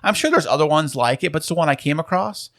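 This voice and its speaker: A man's voice: on the high side, animated, fast talker, fairly bright tone, no room sound, studio quality. A man co-hosting a podcast in casual chat, upbeat and chatty, explaining things at length. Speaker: podcast co-host.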